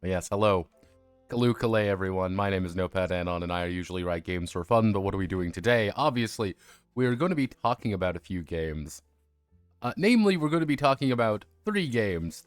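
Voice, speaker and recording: A man's voice: on the low side, animated, brisk, no echo, faint music behind. A man casually chatting on a livestream about tabletop role-playing games, rambling and self-mocking with frequent restarts. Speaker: streamer discussing tabletop games.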